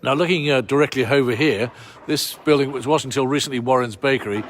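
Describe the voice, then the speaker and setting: A man's voice: mid-range voice, quick pace, a little hiss or hum. Rambling man with a posh English accent. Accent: English received pronunciation. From Bristol, England. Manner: chatty, rambling, many uh fillers, wry asides. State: cold outdoors. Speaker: tour guide. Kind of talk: walking tour talk to camera. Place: outdoor street in a town centre.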